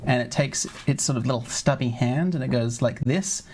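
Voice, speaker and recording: A man narrating as game master for a tabletop role-playing game, in a relaxed, chatty way with small hesitations. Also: mid-range voice, normal speed, a little hiss or hum.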